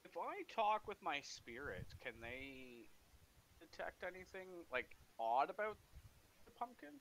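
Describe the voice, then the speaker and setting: A man's voice: on the high side, very animated, a little slow, fairly bright tone, slight background noise, rough recording. A man playing in a tabletop game, talking casually and hesitantly with many fillers. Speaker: player. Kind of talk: casual chat at a gaming table.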